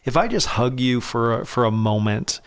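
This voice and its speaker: A man's voice: mid-range voice, normal speed, clear, resonant tone. Earnest man in casual marriage talk. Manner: earnest, animated when quoting himself. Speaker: podcast co-host.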